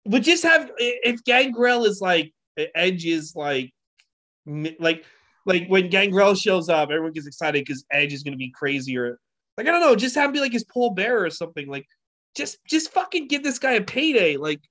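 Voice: medium pitch, sing-song, normal speed, fairly bright tone. A podcast co-host ranting in casual chat about wrestling, full of fillers. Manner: ranting, trailing off, many fillers like "like".

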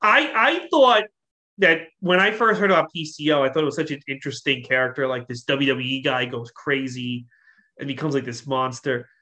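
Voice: medium pitch, moderate pace, pushed and bright. A podcast co-host ranting bluntly in casual chat, mocking and cursing freely. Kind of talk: casual wrestling talk chat.

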